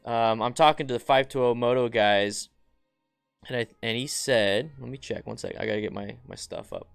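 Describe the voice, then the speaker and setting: A man hosting a relaxed live stream, talking easily and answering viewers as if among friends. His voice is smooth and clear, with sudden bursts of excitement. Faint music plays in the background. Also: mid-range voice, normal speed. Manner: chatty, reads viewer comments aloud, bursts of excitement. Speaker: motorcycle channel host. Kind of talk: casual live stream chat.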